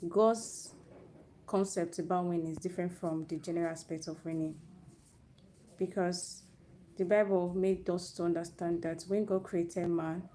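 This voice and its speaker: A woman youth speaker delivers an earnest, motivational faith talk to young people on her own network's live stream. Her voice is on the low side and dark in tone, with fairly even intonation and a moderate pace; she often restarts phrases, and slight background noise is present.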